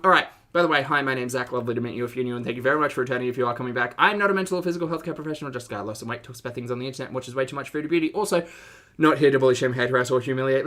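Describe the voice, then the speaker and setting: A man's voice: on the high side, fairly bright tone. A man hosting a casual livestream commentary, chatty and sarcastic, laughing often and greeting his chat viewers.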